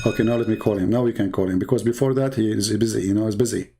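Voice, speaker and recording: A man hosting a comic sketch, asking deadpan questions in a dry, hesitant way. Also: on the low side, very fast, noisy background. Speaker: host.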